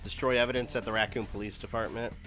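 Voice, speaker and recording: A man's voice: fairly low pitch, fairly even intonation, fast, fairly bright tone. Chatty male game streamer. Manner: chatty and rambling, with fillers. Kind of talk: casual live-stream gaming commentary. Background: game music.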